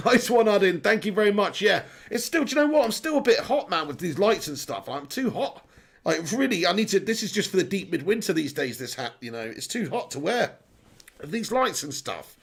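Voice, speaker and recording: A man's voice: high-pitched, big pitch swings, normal speed, gravelly, a bit bright, breathy edge. A man with a sore throat hosting a live football watch-along, reading out and bantering with viewer messages with frequent laughs. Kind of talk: live stream chat reading.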